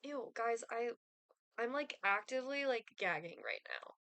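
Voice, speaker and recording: Young woman, streamer, casual chat, giggly, bright tone, dry sound. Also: on the high side, animated, unhurried, dry recording. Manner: chatty, giggly, lots of fillers.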